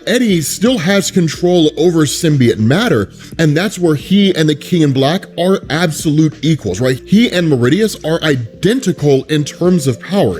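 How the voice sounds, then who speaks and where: A man talks through a comic book plot in a relaxed, conversational way, checking in with his listeners as he goes. His voice is a little high for a man. Soft music plays quietly under him. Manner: conversational, frequent "right?" asides. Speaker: comic book recap host. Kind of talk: casual comic story explainer.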